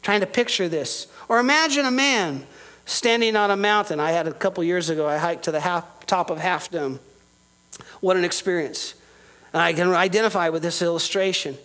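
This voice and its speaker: A high-voiced man delivers a sermon from the pulpit. He preaches earnestly, leaning into key words and letting his voice rise and fall with each point. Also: normal speed, fairly bright tone, rough recording. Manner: earnest preaching, rising and falling with emphasis. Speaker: pastor.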